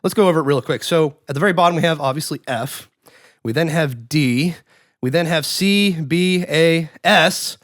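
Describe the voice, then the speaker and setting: A man's voice: fairly high pitch, normal speed, fairly bright tone, no room sound, clean studio sound. A man hosting a podcast in casual, rambling chat. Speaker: podcast host. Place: podcast studio.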